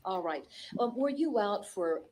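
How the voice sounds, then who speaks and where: A woman's voice: medium pitch, lively intonation, unhurried, a little mellow. A woman prosecutor formally questioning a witness and introducing evidence in a courtroom. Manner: formal, procedural. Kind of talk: courtroom examination.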